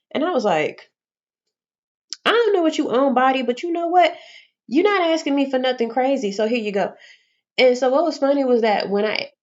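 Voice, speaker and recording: Young woman vlogger, chatty and expressive, casual swearing, slightly dull home recording. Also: mid-range voice. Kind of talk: casual storytelling to camera.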